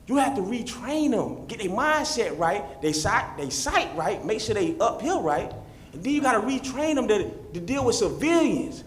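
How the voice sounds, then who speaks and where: In a city meeting chamber, a man with a very high-pitched, somewhat bright voice delivers a fervent, repetitive public comment aimed straight at the officials. The room sounds roomy and echoey.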